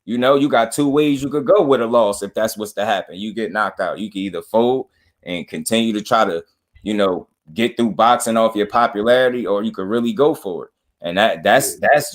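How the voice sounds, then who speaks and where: A man's voice: on the low side, a little fast. A man hosting a casual panel chat, talking boxing in a slangy, opinionated way. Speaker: boxing show host.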